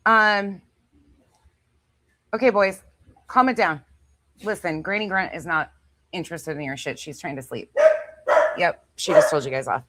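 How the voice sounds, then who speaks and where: A woman's voice: lowish voice, a little slow, long pauses, a bit bright. Woman, vlog host, casual chat, profane, chatty, at home. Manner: profane, chatty, talks to her pets. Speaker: channel host. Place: home with dogs.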